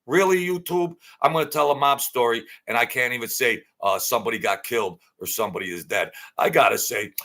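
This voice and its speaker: A man's voice: medium pitch, a little fast, gravelly, few pauses, pushed and bright. A man delivering a blunt, heated, repetitive ranting monologue as an online commentator.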